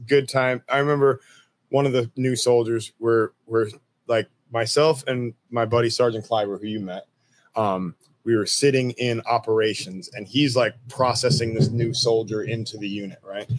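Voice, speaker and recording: Laid-back, profane American army veteran. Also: male voice, medium pitch, fairly even intonation, normal speed, no room sound. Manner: laid-back, profane, laughs while telling stories. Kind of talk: casual storytelling interview.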